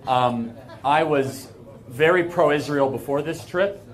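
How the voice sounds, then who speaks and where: A man's voice: fairly high pitch, takes it slowly. An American man speaking as a guest speaker to a live audience, earnest and emphatic, with frequent fillers and restarts.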